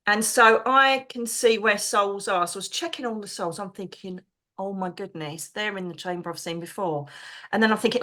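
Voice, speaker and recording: A middle-aged woman, a podcast guest, telling stories excitedly and chattily, acting out the voices of people she quotes. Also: mid-range voice. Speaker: podcast guest, psychic medium. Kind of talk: animated storytelling.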